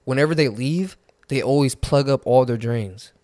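A man's voice: mid-range voice, normal speed, warm tone, no echo, studio quality. A young man co-hosting a podcast in casual chat, loose and hedging, full of filler words. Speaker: podcast co-host.

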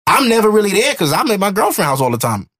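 A man in his thirties hosting a podcast, telling a personal story in an emotional, animated way. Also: sits high, quick pace, slightly rough. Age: 30s. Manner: emotional, animated retelling with acted-out quotes. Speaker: podcast host. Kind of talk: casual storytelling chat.

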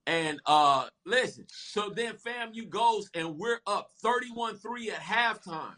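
Animated man with a bright, forceful voice. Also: sits high, takes it slowly. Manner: animated, lively storytelling with laughter. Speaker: guest. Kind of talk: storytelling in casual chat.

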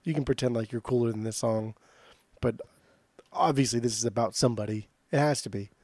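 A man co-hosting a podcast in a loose, casual way, full of "dude" and filler words. His voice sits at an ordinary pitch. The sound is dry and close, with no room in it. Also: fairly quick, darkish tone, no room sound. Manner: casual, swearing, lots of "dude" and "like". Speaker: podcast co-host. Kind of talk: casual chat about music.

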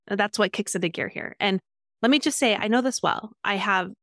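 A middle-aged woman coach speaking calmly and reflectively, with many affirming murmurs. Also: medium pitch, moderate pace, dry recording, studio quality. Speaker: parenting coach. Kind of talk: coaching conversation.

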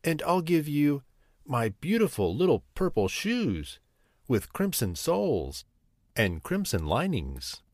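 A small, timid boy pleads politely in a raised, soft voice, as a man reads him aloud. The sound is dry and close. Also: fairly high pitch, huge pitch swings, takes it slowly, no echo, voice pushed up, full character voice. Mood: pleading.

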